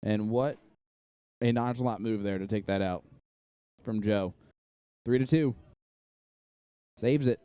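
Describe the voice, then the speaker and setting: A man's voice: fairly low pitch, slow, pauses often, mellow, clear, resonant tone, no echo. A man from Indiana with an Indiana accent giving casual, analytical play-by-play commentary on a live darts match.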